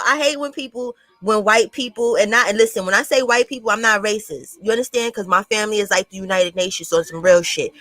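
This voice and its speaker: A woman's voice: fairly high pitch, a bit bright, no echo, poor audio. Profane woman livestream host, dry sound. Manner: blunt, profane, greets chat by name. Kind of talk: casual livestream commentary.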